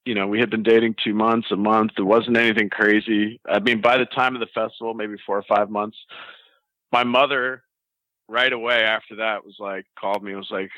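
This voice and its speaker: A man telling an interviewer a story in a casual, animated way, laughing at himself. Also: fairly low pitch, a little fast, no echo, low-quality recording. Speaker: interview guest.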